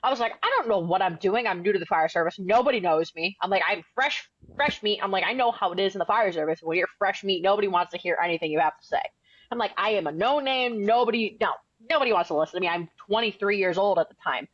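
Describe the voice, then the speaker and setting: Blunt, fast-talking young woman. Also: mid-range voice, animated, a bit bright, no echo, lo-fi sound. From New England. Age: 20s. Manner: blunt, outspoken, slangy and quick. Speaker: firefighter and author, podcast guest. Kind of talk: casual interview storytelling.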